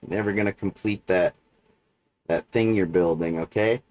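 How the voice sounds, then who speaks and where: A man's voice: low-pitched, moderate pace, a little mellow, no room sound. A man hosting a livestream, talking in a meandering monologue full of fillers, with frequent "right?" check-ins. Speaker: livestream host. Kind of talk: rambling monologue.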